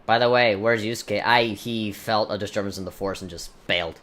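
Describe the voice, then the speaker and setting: A woman's voice: extremely low pitch, brisk, fairly bright tone. A woman commentating a video game in a crude, sarcastic, jokey way, with game music behind. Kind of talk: let's play commentary.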